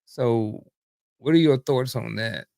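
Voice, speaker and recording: A man's voice: mid-range voice, slow pace, gravelly, dark tone, dry recording. Man from Virginia, talks in loose, rambling questions, close and dry. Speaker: participant asking the coach. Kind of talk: casual discussion.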